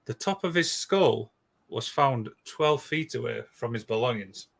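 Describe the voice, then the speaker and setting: A man co-hosts a relaxed podcast, telling an eerie missing-person story. His voice is bright and lively, and he rushes along, restarting phrases and leaning on "obviously.". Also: mid-range voice, vocal fry. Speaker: podcast co-host. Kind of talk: casual storytelling chat.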